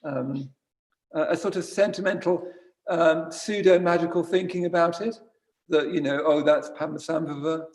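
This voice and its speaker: A man's voice: high voice, moderate pace. A man giving an informal dharma talk as a Buddhist teacher, conversational and wry, often correcting himself mid-sentence. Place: retreat centre shrine room.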